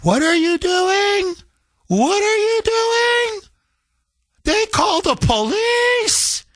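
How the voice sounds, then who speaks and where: A man voicing a furious mother shouting at her teenage son. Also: big pitch swings, extremely slow, no echo, clean studio sound, heavily acted. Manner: shrill, shouting.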